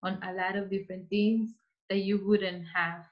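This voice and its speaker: In a casual interview, a woman who works as an interior designer offers career advice, speaking in a mid-range voice with a level tone at a moderate pace. She's earnest, often restarting and repeating herself as she gropes for words. The recording has a slightly dull, lo-fi sound.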